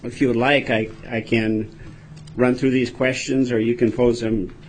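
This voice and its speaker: A man in his sixties from Michigan, testifying as a state health commissioner at a committee hearing, measured and self-deprecating with frequent pauses and fillers. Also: mid-range voice, level tone, slight background noise, poor audio.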